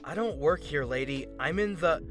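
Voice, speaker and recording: A man reading as a calm young woman cadet. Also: on the high side, moderate pace, faint music behind.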